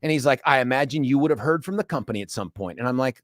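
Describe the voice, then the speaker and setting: A man's voice: medium pitch, expressive, fast talker, dry recording, studio quality. A middle-aged man hosting a talk radio show, animatedly retelling a quarrel and acting out both sides. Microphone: studio microphone.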